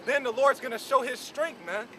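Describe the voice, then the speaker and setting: A man's voice: very high voice, moderate pace, bright, forceful tone. A man preaching outdoors on a street, commenting on scripture with emphatic, repetitive phrasing. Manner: emphatic, repeats "man" and "you know". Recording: outdoor street with crowd noise.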